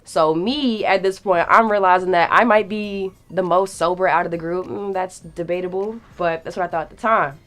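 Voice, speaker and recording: A woman's voice: fairly low pitch, moderate pace, hardly any pauses. A young woman telling a story in a casual, slangy way, acting out the quotes with big jumps in her voice. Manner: animated, slangy, acts out quotes. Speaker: guest storyteller.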